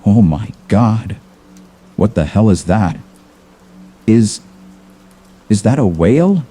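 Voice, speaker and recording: A man's voice: sits low, a little slow, warm tone. A man doing a startled young sailor. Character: young male sailor spotting dolphins, growing uneasy.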